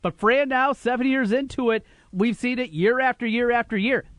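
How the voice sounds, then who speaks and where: A man's voice: very high-pitched, moderate pace, no room sound. A man hosting sports talk radio, arguing his points emphatically from a studio. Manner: animated, emphatic, opinionated.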